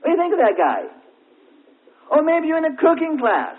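High-voiced preacher on a tinny recording. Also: male voice, huge pitch swings. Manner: folksy storytelling with everyday examples; drawn-out, emphatic questions. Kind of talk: sermon. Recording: tinny, narrow-band old recording.

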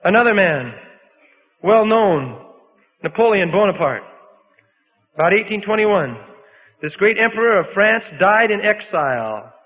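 High-voiced preacher, tinny echoing hall. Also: male voice, very animated, measured pace, long pauses. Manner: dramatic storytelling, rising to emphatic peaks. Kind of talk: sermon. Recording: phone-like audio in a long-echo hall.

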